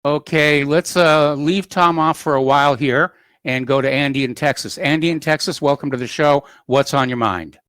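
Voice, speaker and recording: Brisk male radio host, dry sound. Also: on the high side, a bit bright, clear, resonant tone, no room sound. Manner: brisk, businesslike call handling. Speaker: radio talk show host. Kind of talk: call-in radio hosting.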